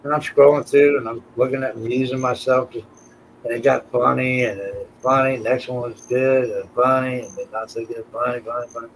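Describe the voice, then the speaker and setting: Gravelly dude hosting a live panel, swears a lot, teases everybody, faint hiss behind. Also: male voice, medium pitch, fairly even intonation, a little fast, low-quality recording. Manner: profane, blunt, teasing. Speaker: panel show host. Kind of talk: crude casual panel banter.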